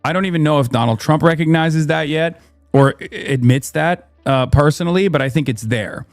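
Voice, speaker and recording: A man's voice: fairly high pitch, moderate pace, no room sound, soft background music. A man giving political commentary in an earnest, analytical and fluent way.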